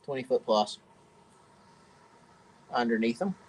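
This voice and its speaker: A man's voice: mid-range voice, expressive, slow pace, low-quality recording. A man hosting a live-stream question and answer chat from his home workshop, folksy and talkative and laughing often. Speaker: host of a fishing channel.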